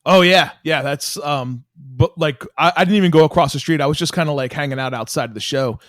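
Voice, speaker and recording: A man's voice: a little high, fairly quick, a bit bright, dry recording, clean studio sound. A man, a band member guest, telling road stories in casual talk and laughing often. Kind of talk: casual storytelling.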